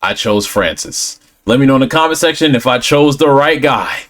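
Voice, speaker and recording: A man's voice: mid-range voice, animated, moderate pace, a bit bright. A man giving voice-over gameplay commentary on a headset mic, telling the story animatedly with silly sound effects. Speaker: gaming YouTuber.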